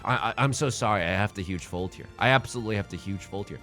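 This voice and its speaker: A young man giving casual, rambling commentary as he plays a tile game, excitable and self-deprecating, often repeating his words. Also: fairly low pitch, fast, faint music behind. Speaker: let's play host.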